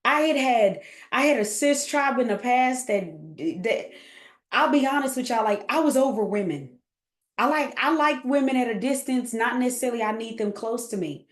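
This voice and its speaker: A woman hosting a faith group chat, emotional and talking in quick bursts with restarts. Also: on the high side, roomy sound. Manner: emotional, talks fast with restarts. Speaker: host and faith coach. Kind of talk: casual live group chat.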